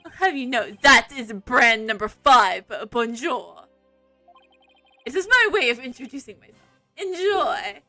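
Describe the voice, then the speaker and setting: A woman's voice: on the high side, lively intonation, measured pace, pushed and bright, no echo, soft background music. A woman playing a pompous perfumed dandy. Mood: haughty. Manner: haughty, theatrical, preening. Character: pompous flamboyant male perfume-loving aide.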